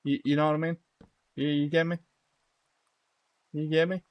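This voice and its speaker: A man's voice: fairly high pitch, little pitch movement, normal speed, no echo. A young man live-streaming a building game, chatting casually with viewers and rambling through lots of fillers and restarts.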